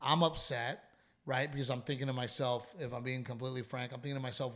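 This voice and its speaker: A man, hosting a comedy podcast, who tells stories animatedly and swears casually. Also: mid-range voice. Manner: animated storytelling, frequent swearing, quick asides. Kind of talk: casual chat.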